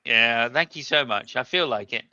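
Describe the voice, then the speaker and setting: A man's voice: medium pitch, moderate pace, bright, forceful tone, clear, resonant tone, dry recording, highs cut off. A man hosting a live stream in casual chat, joking as he wraps up the show. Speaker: host.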